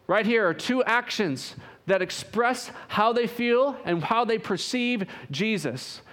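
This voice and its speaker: A man preaching a sermon, swinging from loud emphatic lines to hushed, drawn-out phrases. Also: high-pitched, expressive.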